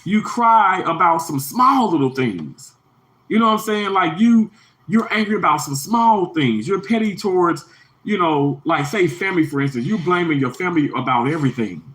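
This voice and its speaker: A man's voice: expressive, moderate pace, a bit bright, poor audio. A man hosting an emotional livestream, talking in a heartfelt, rambling way to his viewers. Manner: heartfelt, rambling, repeats himself, pitch jumps high when emphatic. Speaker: livestream host.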